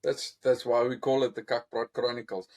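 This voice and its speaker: A man's voice: medium pitch, little pitch movement, moderate pace, darkish tone. A man hosting a casual podcast, bantering and swearing casually. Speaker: podcast host.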